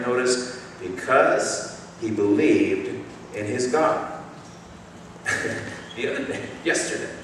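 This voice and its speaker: A male pastor preaching a sermon, telling stories in an animated, self-mocking way. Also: medium pitch, slight background noise. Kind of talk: sermon with humorous storytelling. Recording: echoey hall, mic far off.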